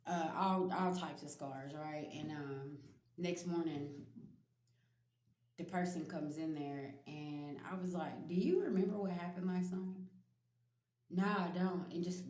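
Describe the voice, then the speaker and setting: A woman's voice: low voice, darkish tone, echoey room. A woman giving a casual spiritual reading to her viewers, blunt and emphatic, swearing freely and speaking straight to them. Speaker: spiritual reader.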